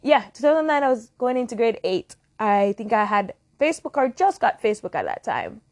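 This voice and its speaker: A woman's voice: a little high, very animated, a little fast, a little mellow. Rambling young woman podcasting solo. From Jamaica. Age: early 20s. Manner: rambling, reflective, self-correcting. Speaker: podcast host. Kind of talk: casual solo podcast monologue.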